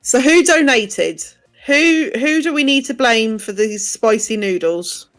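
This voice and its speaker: A woman's voice: on the high side, lively intonation, a little slow, a bit bright. Chatty woman with faint music behind. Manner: chatty, laughs often, swears casually. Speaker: stream co-host. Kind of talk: casual chat on a live stream.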